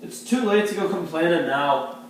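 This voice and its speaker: A man's voice: on the high side, moderate pace, a little hiss or hum, close to an everyday voice. A man playing a bitter, scornful daughter. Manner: scornful and cutting, sarcastic. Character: bitter, sharp-tongued Irish daughter, middle-aged. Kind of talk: amateur stage-play acting. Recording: echoey room, mic far off.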